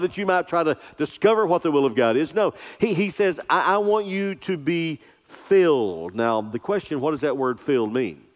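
A man preaching an earnest, emphatic sermon as a pastor, slowing down to stress scripture. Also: fairly high pitch. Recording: long reverb of a large hall.

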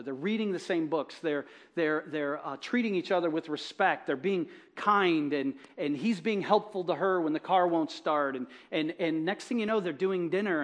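Storytelling male pastor, higher voice. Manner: storytelling, acts out quoted dialogue softly. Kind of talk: sermon. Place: church.

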